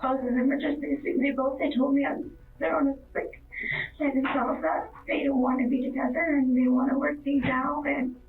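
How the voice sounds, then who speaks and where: A woman's voice: high voice, fairly even intonation, brisk. A young woman in her twenties, a witness in a police interview, talking in a hesitant, rambling way full of fillers. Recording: distant, tinny phone-like interview recording.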